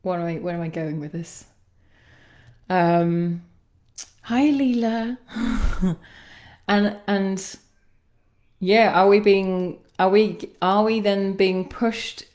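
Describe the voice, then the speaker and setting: A woman who works as a sound healer and coach, giving a livestreamed guided self-reflection in a musing, halting way with sighs and laughs. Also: mid-range voice, fairly even intonation, a little mellow.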